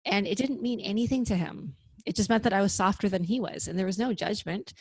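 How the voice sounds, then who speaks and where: A woman speaking as a podcast guest over a remote call, lively and chatty with frequent "like" asides. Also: mid-range voice, a little fast, breathy edge, dry recording. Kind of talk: casual conversational interview.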